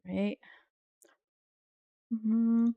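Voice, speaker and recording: A woman's voice: a little high, little pitch movement, drawn-out words, dry recording, narrow, tinny audio. A woman game streamer chatting casually with her viewers in a playful, teasing way and laughing often. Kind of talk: casual live-stream chat.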